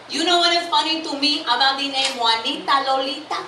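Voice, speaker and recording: A woman from Florida, USA, does live stand-up comedy with a high voice at normal speed, bubbly and teasing the crowd with questions. She's captured from far off in an echoey room at a stage venue. Audience laughter and room noise fill the background.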